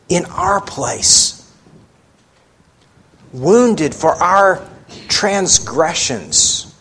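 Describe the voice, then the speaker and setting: Slow, emphatic male preacher. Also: high voice. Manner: slow and emphatic, with rhetorical questions. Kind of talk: sermon.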